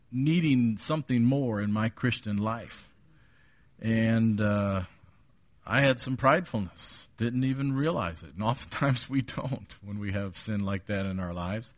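A middle-aged man preaching an evening sermon, earnest and personal, reading scripture slowly and deliberately. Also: mid-range voice, fairly bright tone. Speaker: pastor.

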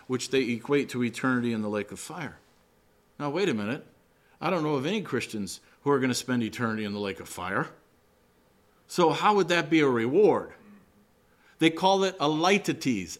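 A man preaching a sermon, teaching from Scripture and the meanings of Greek words, pressing hard on his key words. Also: fairly bright tone. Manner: emphatic, rising to high stressed peaks on key words. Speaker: pastor.

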